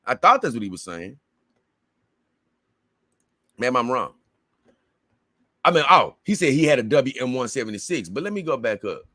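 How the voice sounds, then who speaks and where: Hosting a casual livestream, a man reads viewer comments out loud and rambles to his audience, slangy and talkative. He speaks at a medium pitch and moderate pace in a sing-song, pushed and bright voice, with long pauses. The audio is clean studio sound with no echo.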